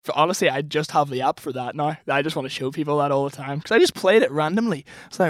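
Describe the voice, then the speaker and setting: Music plays behind this young Northern Irish man, a singer-songwriter guest in a casual chat who laughs often and teases himself. He speaks fast with few pauses in a voice on the high side, and the recording is dry and studio quality.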